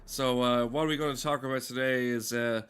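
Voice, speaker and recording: A man doing an impression of a rambling elderly male film star giving a speech, halting and full of pauses. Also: medium pitch, fairly even intonation, fairly bright tone, smooth, natural voice.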